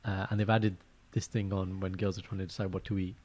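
A man chatting casually as a podcast co-host, telling stories and acting out quotes in lively voices. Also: sits low, fairly quick. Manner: animated storyteller, acts out quotes. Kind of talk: casual chat.

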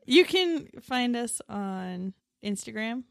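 A woman's voice: fairly high pitch, lively intonation, takes it slowly, vocal fry, no echo, studio quality. A woman co-hosting a podcast in casual, chatty conversation, laughing easily. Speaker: podcast co-host. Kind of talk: casual chat.

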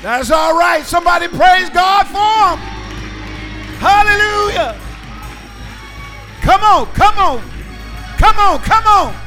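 A man pastor preaches in a very high, ringing voice, shouting and whooping between phrases. His words come slowly and drawn out. He calls out to the congregation exuberantly, with faint music and people heard behind him. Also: lively intonation, crowd noise. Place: church service.

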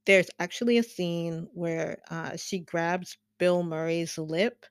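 A woman's voice: lowish voice, takes it slowly, clean tone, no room sound, clean studio sound. A woman hosting a casual film review, chatty and rambling, laughing often between fillers.

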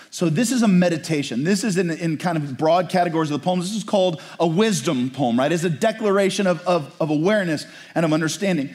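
A man's voice: fairly high pitch, quick pace, hardly any pauses, darkish tone. A man preaching a sermon in a conversational way, often asking his listeners "right?". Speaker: pastor.

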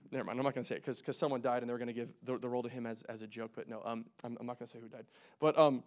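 A young man preaching a casual, conversational sermon, joking and making quick asides as he works through scripture. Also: mid-range voice, steady tone. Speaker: pastor.

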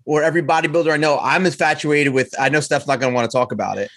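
A man's voice: fairly high pitch, steady tone, rapid-fire, a bit bright. Rambling, laughing man in casual chat. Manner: rambling, enthusiastic, laughs often. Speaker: podcast co-host.

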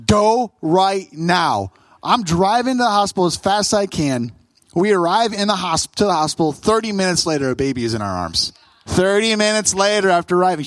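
A man's voice: high voice, fast talker, no echo. A man in his thirties preaching a sermon, conversational and humorous as he tells a family story. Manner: conversational, humorous storytelling with animated quoted voices. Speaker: pastor.

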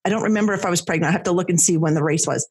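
A woman tells a personal story in a casual chat. Her voice is husky and breathy, and she talks in an animated way, full of fillers and restarts. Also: lowish voice, very fast.

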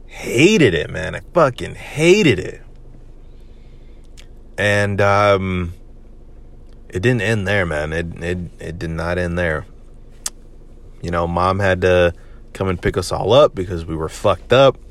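Young guy with a low voice, rambling confessional podcast monologue, lots of "man" and "you know". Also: fairly even intonation, a little slow, pauses often, fairly bright tone. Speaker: podcast host.

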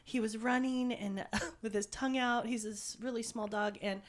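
A woman's voice: fairly high pitch, fairly even intonation, moderate pace. A woman who works as a psychic medium, chatting animatedly, often laughing and affirming the other speaker. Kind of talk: casual chat.

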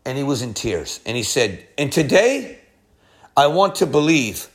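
A man preaching a sermon and telling a personal testimony, with bursts of loudness, quiet asides and frequent repeated words. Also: mid-range voice, a little slow. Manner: animated storytelling, swinging between loud bursts and quiet asides; repeats words and restarts phrases.

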